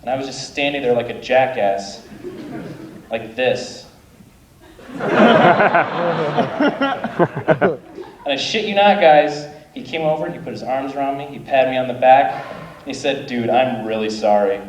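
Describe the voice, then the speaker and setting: A man's voice: mid-range voice, animated, slow, long pauses, distant mic. A male stand-up comedian doing a rambling, self-deprecating opening set live on a club stage. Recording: roomy live club, crowd noise. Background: audience laughter and ambient noise.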